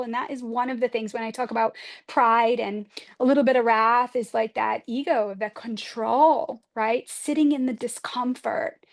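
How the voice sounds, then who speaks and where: A woman spiritual advisor in a livestream talk, speaking gently and earnestly, often posing reflective questions to her listeners. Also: on the high side, fairly even intonation, normal speed.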